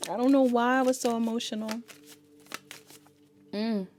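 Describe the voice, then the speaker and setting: A woman's voice: a little high, fairly even intonation, normal speed, a little mellow, a little hiss or hum. A woman giving a casual tarot reading, chatting straight to her viewers. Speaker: tarot reader.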